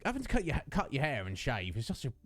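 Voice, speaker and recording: A man's voice: medium pitch, wildly swooping pitch, quick pace, fairly bright tone, faint music behind. A young man hosting a casual stream, rambling with lots of fillers and self-mocking asides. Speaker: livestream host. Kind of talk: casual chat with viewers.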